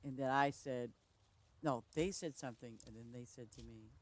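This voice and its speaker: A woman with a bass voice talks at normal speed over slight background noise. As she plays a farming game on a livestream, she chats casually, wandering through stories with plenty of laughter and self-interrupting restarts.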